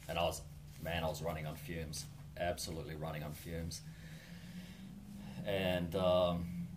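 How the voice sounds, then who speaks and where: New Zealand man, deep voice, laid-back wry storyteller, faint hiss in the background. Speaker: hiker vlogger. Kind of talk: casual storytelling.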